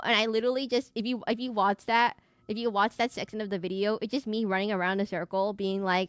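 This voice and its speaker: A young woman streaming a horror game, chatting fast and rambling with a slight lisp, often correcting herself mid-sentence. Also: medium pitch, fairly even intonation, fairly bright tone, clear, resonant tone, dry recording, clean studio sound. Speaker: VTuber streamer. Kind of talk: casual live-stream chat while gaming.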